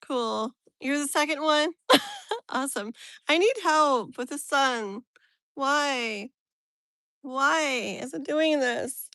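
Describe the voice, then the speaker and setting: A woman's voice: high voice, slow, bright, forceful tone, dry recording. A young woman hosting a casual live stream outdoors, chatty and exasperated, laughing often. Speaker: tarot reader live-stream host. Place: outdoors near a tree.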